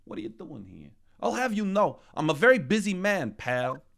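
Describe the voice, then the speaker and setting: A man voicing a gruff, loud male police detective in a video game playthrough who keeps calling people pal, over background music. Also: high-pitched, huge pitch swings, moderate pace, voice pushed up, heavily acted. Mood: brash. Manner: brash, calls people pal.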